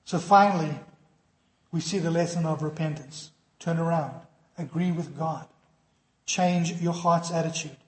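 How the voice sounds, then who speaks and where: A man with a high voice preaches to his congregation, earnest and direct. He slips into quoted voices to make his points. The sound rings with the echo of a large hall. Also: steady tone, measured pace. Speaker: pastor. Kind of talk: sermon.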